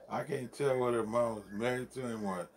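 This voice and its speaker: A man's voice: medium pitch, fairly even intonation, a little slow. A man vlogging from his home man cave, chatting loosely and profanely and laughing often as he rambles. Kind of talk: casual rambling commentary.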